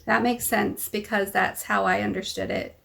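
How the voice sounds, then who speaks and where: A woman speaks in a casual vlog, with a gravelly edge of vocal fry under her mid-range voice. She tells her story in a rambling way and slips into the voices of the people she quotes. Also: mid-range voice, steady tone, normal speed, fairly bright tone. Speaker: vlogger; mother. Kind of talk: casual personal vlog chat.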